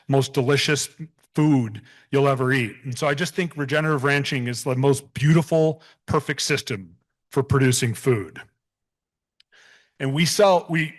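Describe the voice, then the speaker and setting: A man in his thirties, a bison rancher giving a public talk, earnest and prone to restarts and repeated words. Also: mid-range voice. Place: event hall.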